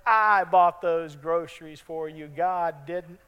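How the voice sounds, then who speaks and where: A man voicing a scoffing atheist neighbor who shouts mocking retorts. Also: on the high side, slow pace, clear, resonant tone, big-room sound. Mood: gloating.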